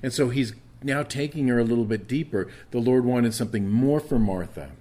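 A man's voice: mid-range voice, fairly quick, dark tone. A man preaching a conversational sermon, reading scripture aloud and explaining it. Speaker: pastor.

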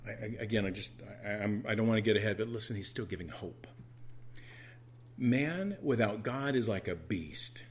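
A man's voice: on the low side, moderate pace, slight background noise. A man preaching an earnest, tender sermon in a church as the pastor.

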